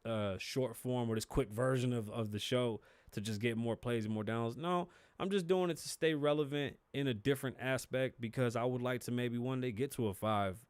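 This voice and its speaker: A man's voice: mid-range voice, moderate pace, few pauses, clean tone, no echo. A man in his thirties with a New York accent, hosting a solo podcast and ranting with blunt, profane emphasis. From the Bronx, New York. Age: 30s. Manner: profane, fired-up and emphatic, swings between shouting and muttering. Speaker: podcast host. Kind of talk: opinionated solo podcast rant.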